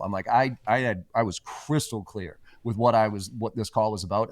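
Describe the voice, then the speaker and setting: A man's voice: lowish voice, steady tone, brisk, hardly any pauses, dry recording. Blunt, emphatic man in dry sound. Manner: blunt, emphatic, profane storytelling. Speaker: podcast guest, sales trainer. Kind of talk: casual interview chat.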